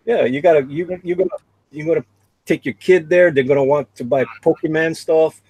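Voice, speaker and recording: A man's voice: fairly high pitch, fairly quick, a little mellow, husky, no room sound, poor audio. A man chatting on a livestream art auction as a bidder, eagerly talking up the artwork. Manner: enthusiastic, talks up the artwork. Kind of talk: casual livestream chat.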